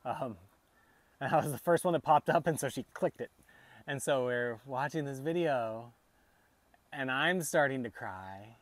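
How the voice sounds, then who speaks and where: A man in his thirties talking softly and haltingly about grief on a personal vlog, often restarting his sentences. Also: mid-range voice, dry recording. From United States. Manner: soft, halting, tearful speech with many restarts. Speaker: vlogger and father.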